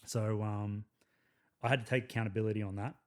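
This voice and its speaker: An Australian man in his thirties talks like he's among mates, peppering his stories with swearing and "like". His voice sits a little low, and his telling runs loose and unscripted. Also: brisk. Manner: crude, swearing, lively anecdotes with frequent "like". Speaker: podcast guest, army veteran. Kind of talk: casual storytelling.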